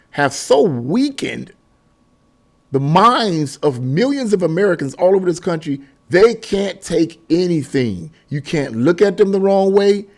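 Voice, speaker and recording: Animated man ranting to camera. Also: a little high. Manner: exasperated, repetitive, preachy; laughs mid-sentence. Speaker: political commentary vlogger. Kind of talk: casual opinion monologue.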